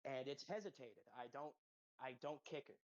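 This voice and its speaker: A man's voice: mid-range voice, normal speed, no room sound. A man playing in a tabletop game, describing his character's actions in a matter-of-fact way. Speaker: player. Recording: muffled lo-fi mic.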